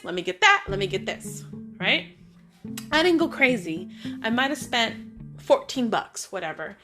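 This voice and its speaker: Middle-aged lady vlogging, high-ish voice, chatty and upbeat, little bit of music in the back. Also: a bit bright. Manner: chatty, upbeat, acts out dialogue in her stories. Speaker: vlog host. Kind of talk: casual motivational storytelling.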